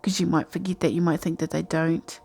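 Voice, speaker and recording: A woman's voice: low-pitched, little pitch movement, fairly quick, gravelly, a little mellow, husky. A woman giving a casual, rambling tarot reading from home at night, talking in a chatty, intuitive way. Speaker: tarot reader.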